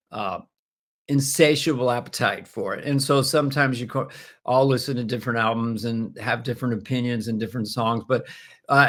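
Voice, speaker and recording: A man in his seventies, a comedian guest, chatting in a halting way with many restarts and frequent laughs. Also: mid-range voice, a bit bright. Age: 70s. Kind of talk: casual interview chat.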